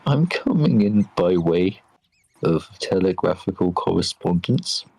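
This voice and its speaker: A man voicing a befuddled male alien calling in from a far planet, with a hesitant, deadpan, oddly literal way of talking. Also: deep voice, measured pace, creaky, heavily acted. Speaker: caller.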